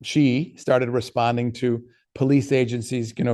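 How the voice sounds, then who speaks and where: Gravelly-voiced man giving a workshop talk. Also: mid-range voice, flat delivery, dark tone. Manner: conversational storytelling, quick with frequent restarts. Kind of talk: casual lecture answering questions.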